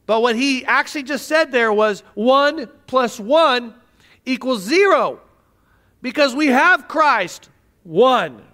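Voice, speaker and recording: A man's voice: very high-pitched, lively intonation, slow, bright, forceful tone. A male pastor preaching a sermon, teaching emphatically with rhetorical questions.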